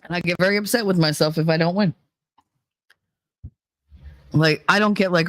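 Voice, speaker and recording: A woman's voice: on the low side, brisk, pauses often, fairly bright tone, dry recording, clean studio sound. Blunt, swearing woman in casual chat. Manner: blunt, profane, laughing storyteller. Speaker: podcast host.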